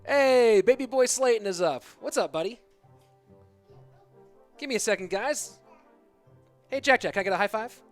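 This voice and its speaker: A man casting a video game tournament on a live stream, chatty and excitable, talking to his chat between matches. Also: sits high, moderate pace, long pauses. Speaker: esports caster. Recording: music bed behind voice.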